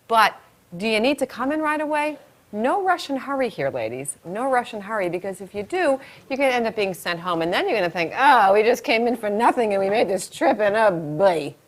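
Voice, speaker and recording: A woman who teaches childbirth, talking expectant mothers through labor and acting out scenarios as she goes. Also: mid-range voice. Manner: animated, acts out scenarios. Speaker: childbirth educator. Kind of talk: instructional talk to expectant mothers.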